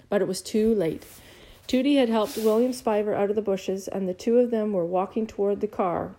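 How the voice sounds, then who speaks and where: Mellow woman reading a storybook. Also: medium pitch, a little fast. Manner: lively, varies voices for characters. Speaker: narrator. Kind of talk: audiobook reading.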